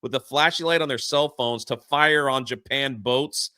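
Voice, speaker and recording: A man hosts a podcast, giving a casual, rambling spoiler recap of a movie packed with filler words. His mid-range voice is bright and forceful at a moderate pace, recorded in clean studio sound with no room tone.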